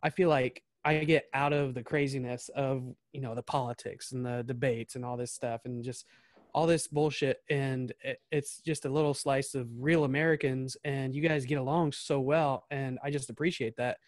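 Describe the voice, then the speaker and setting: A man's voice: medium pitch, steady tone, normal speed, no room sound, clean studio sound. A man from small-town Southern Indiana, a podcast host speaking in an earnest, rambling way. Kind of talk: casual podcast chat.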